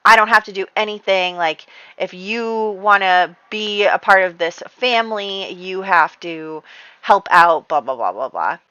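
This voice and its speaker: A woman's voice: medium pitch, expressive, measured pace, bright, forceful tone, clean tone, dry recording, highs cut off. Woman doing a bossy, scolding evil woman. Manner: nagging, exasperated.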